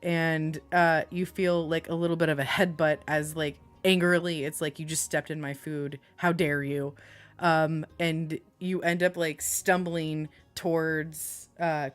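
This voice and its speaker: A woman's voice: low-pitched, flat delivery, unhurried, few pauses. A woman running a tabletop game as game master, narrating in a rambling, giggly way full of fillers.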